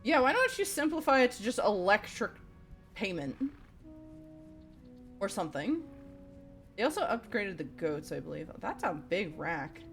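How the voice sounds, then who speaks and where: A woman livestreaming a game, chatting casually with her viewers, swearing often and reacting loudly as she plays. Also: medium pitch, very animated, a little slow, pauses often. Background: faint game music.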